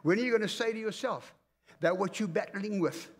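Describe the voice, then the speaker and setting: A man from Africa preaching a fervent, commanding sermon in a church, swinging between loud and hushed. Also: high-pitched, a little fast. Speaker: pastor. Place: church auditorium. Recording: reverberant church hall.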